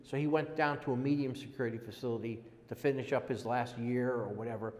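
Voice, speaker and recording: An older man giving a personal testimony, talking in a halting, rambling way with many restarts. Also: medium pitch, steady tone, a little mellow, long reverb tail. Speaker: prisoner telling his story.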